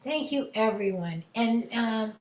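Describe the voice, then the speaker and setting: A woman with a high, light voice leads a spiritual gathering over a video call, laughing easily as she talks. Her words swell into a preacher-like rhythm. The sound carries a noticeable room echo. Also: lively intonation, a little slow. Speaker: host leading a spiritual prayer session.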